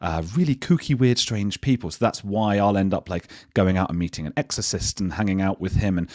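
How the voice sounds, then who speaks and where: A British man with a low voice talks casually as an interview guest. He is chatty and self-deprecating, often restarting his sentences. The sound is dry and close. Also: a little fast, a little mellow, no room sound. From United Kingdom. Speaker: guest, journalist and podcaster.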